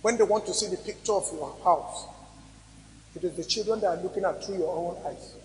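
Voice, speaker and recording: A man preaching a sermon as pastor, swinging between loud emphatic rises and quiet drops. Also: high-pitched, a little fast, a little hiss or hum. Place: church hall. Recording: reverberant church hall recording.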